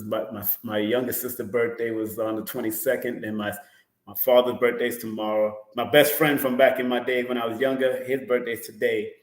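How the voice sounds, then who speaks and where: Guy hosting a live numerology stream, chatty, laughs a lot, keeps repeating himself, roomy echo. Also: medium pitch. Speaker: numerology host.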